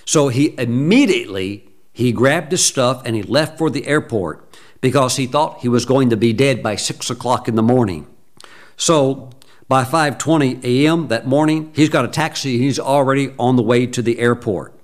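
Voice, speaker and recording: Preacher guy retelling a story slow, acts out the quotes a bit. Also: medium pitch. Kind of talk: sermon storytelling.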